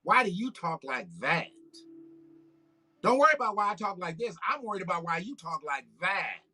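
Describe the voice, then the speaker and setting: A man's voice: high voice, big pitch swings, normal speed, bright, forceful tone. A man, hosting a livestream with blunt, profane, preachy commentary. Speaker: livestream host. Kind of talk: casual political commentary livestream.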